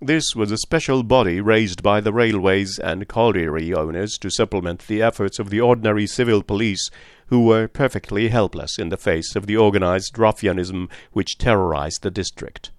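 A man reads an audiobook aloud at a steady, measured pace. His pitch is fairly low, and the recording is clean studio sound with no echo.

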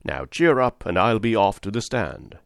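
A man's voice: fairly low pitch, very animated, moderate pace, vocal fry, no room sound, clean studio sound. A man reading the part of an honest, hardworking cabman who speaks earnestly and respectfully. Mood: reassuring. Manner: earnest, respectful, plain-spoken. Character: honest hardworking male London cabman, steady and devout. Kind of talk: audiobook character reading.

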